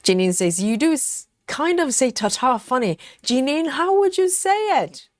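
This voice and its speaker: A woman's voice: high-pitched, big pitch swings, moderate pace, no echo, studio quality. Playful woman hosting a live chat. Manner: playful, laughs often, teasing. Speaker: live stream host. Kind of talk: casual chat reading viewer comments.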